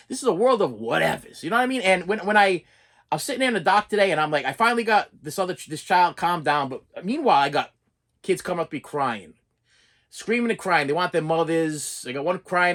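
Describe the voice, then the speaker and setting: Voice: mid-range voice, fairly bright tone. A middle-aged preschool teacher telling a story in a casual rant, exasperated, often repeating words and restarting sentences.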